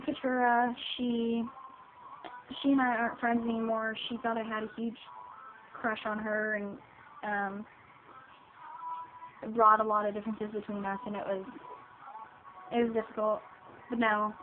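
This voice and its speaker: Over music, a teenage vlogger of seventeen talks to the camera in a slightly high voice with a flat delivery, normal speed and long pauses. Her personal vlog is hesitant, full of ums and restarts, recorded in tinny lo-fi sound with hiss.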